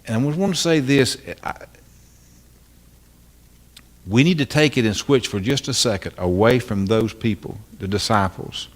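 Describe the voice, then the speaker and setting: A man's voice: mid-range voice, moderate pace, pauses often. An older man, a pastor, preaching an earnest, impassioned sermon full of repeated phrases and rhetorical questions.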